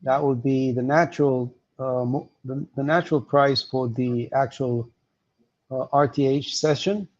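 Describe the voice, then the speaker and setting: A man walking through market levels on a livestream, explaining with many pauses and fillers. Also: mid-range voice, steady tone, highs cut off. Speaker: market analyst guest.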